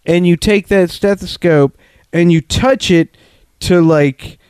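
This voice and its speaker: A man's voice: high voice, slow, darkish tone, smooth, no room sound. Young Southern man, podcast co-host, rambling and profane; clean, close, dry sound. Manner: rambling, profane, many restarts. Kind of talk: casual crude chat. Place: living room couch.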